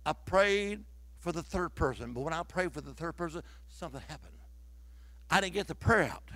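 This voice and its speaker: A male preacher, telling stories in a sermon, moving between loud declarations and hushed whispers in church. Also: on the high side, animated, moderate pace, no echo.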